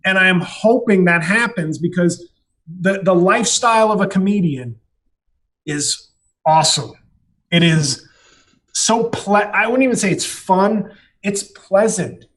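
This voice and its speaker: A man's voice: high voice, expressive, a little slow, a bit bright. A man guesting on a podcast as a comedian, telling rambling, profane, self-mocking stories in casual chat.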